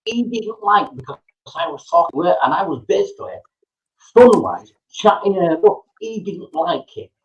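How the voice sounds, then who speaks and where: Agitated man, high lively voice. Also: normal speed, dull audio. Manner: agitated, repeats himself, swears. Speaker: livestream chat member. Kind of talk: heated argument.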